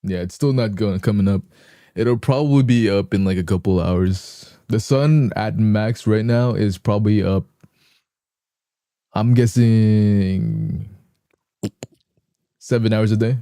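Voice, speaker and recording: A young man chatting casually with viewers on a live stream, clearing a morning voice from his throat. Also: on the low side, slow pace, pauses often, mellow, no room sound, studio quality. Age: young adult.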